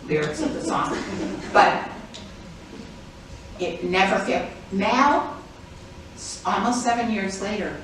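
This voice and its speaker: A woman's voice: medium pitch, animated, takes it slowly, long pauses, a bit bright. Woman performer, chatty and profane comic delivery, very reverberant space. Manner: chatty, profane and playful, laughing often. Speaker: stage performer. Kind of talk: comedic spoken-word performance. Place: live performance venue. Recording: very echoey room, mic far off, audible noise.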